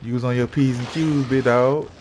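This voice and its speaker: A man's voice: medium pitch, fairly even intonation, moderate pace, a little hiss or hum. A man giving casual gameplay commentary, full of profane, slangy trash talk aimed at the game. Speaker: gamer. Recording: game sounds loud behind the voice.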